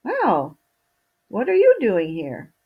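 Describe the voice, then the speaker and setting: A woman voicing a group of curious male sea merchants who talk in a curious, excited way, in a storybook telling. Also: medium pitch, takes it slowly, husky, muffled recording, voice pushed up, heavily acted.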